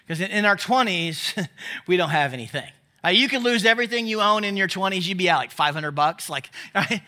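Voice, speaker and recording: A man preaching a sermon, lively and conversational, laughing now and then, acting out everyday voices and dropping to a hush when he reads scripture. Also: high-pitched. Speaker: pastor.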